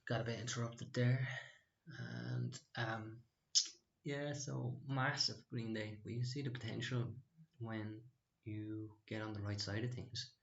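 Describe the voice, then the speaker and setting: This trading channel host recaps his stock trades on a casual screen share, wandering and hesitant, full of fillers and false starts. He speaks a little slowly in a lowish voice with fairly even intonation; the room echoes and the highs are cut off.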